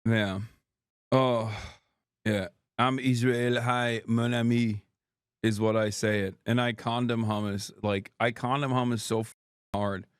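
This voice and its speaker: A man's voice: medium pitch, fairly even intonation, a little slow, clear, resonant tone, dry recording, studio quality. A man in his thirties giving sarcastic, profane commentary as a streamer host, laughing often. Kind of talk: casual commentary.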